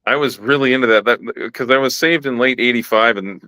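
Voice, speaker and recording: A man chatting as a podcast guest, relaxed and reminiscing. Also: mid-range voice, a little fast, clean tone, dry recording. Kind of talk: casual chat.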